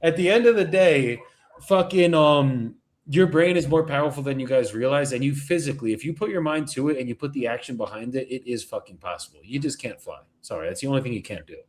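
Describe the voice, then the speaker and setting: A man's voice: mid-range voice, fast, few pauses. A man hosting a casual motivational talk, blunt and heavily profane.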